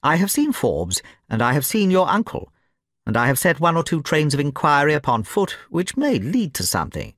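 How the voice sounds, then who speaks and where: Male reader as calm, formal sleuth, lively intonation. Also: on the high side, normal speed, no echo, clean studio sound, pitched above the performer's own voice. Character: shrewd male detective, calm and precise.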